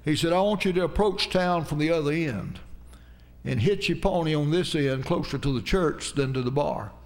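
A man's voice: on the high side, normal speed. A man preaching a folksy sermon, telling homespun stories and calling out amen to the congregation.

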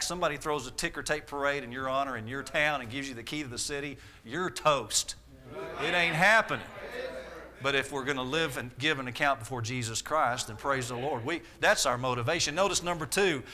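A man in his forties delivers a sermon from the pulpit. His voice sits high for a man and rings with a bright, forceful edge. He drives his points home through repetition and rhetorical questions. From Arkansas, US. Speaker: preacher.

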